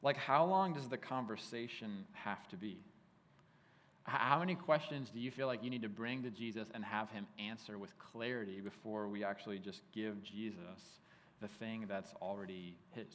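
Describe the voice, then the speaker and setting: A male pastor preaching in a relaxed, conversational way. His voice sits at a middle pitch, and he tells stories with lots of "like". A long hall reverb trails each phrase. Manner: casual, animated storytelling with frequent "like". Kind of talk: sermon.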